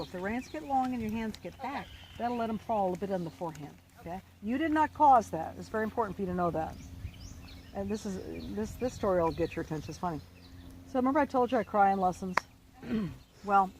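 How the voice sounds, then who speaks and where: A woman instructor talks a rider through an outdoor lesson, calm and encouraging. Her voice sits at a middle pitch. Faint outdoor sounds of birds and animals drift behind her. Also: a little hiss or hum. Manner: calm, encouraging, reassuring coaching. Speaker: riding instructor. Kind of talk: outdoor riding lesson coaching. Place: outdoor riding arena.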